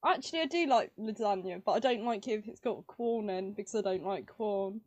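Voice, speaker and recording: A woman's voice: mid-range voice, brisk, muffled recording. A woman co-hosting a podcast, reading quiz questions in a bubbly, giggly, chatty way. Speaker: co-host.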